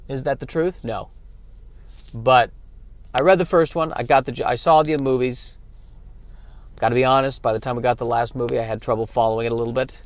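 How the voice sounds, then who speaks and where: A man's voice: mid-range voice, steady tone, fairly quick, pauses often. A man hosting a casual comedic solo podcast, rambling in a self-deprecating way and often restarting his sentences. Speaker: podcast host.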